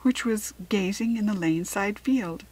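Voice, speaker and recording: Woman, storybook narration, gentle read-aloud, breathy, mid-pitched. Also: moderate pace, poor audio. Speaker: storybook reader.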